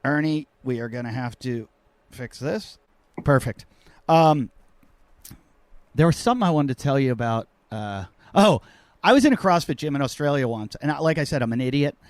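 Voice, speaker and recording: A man hosting a podcast over a remote call, talking in an animated, rambling, self-mocking way with lots of jokes. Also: medium pitch, moderate pace, no echo. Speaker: podcast host. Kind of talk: casual joking chat.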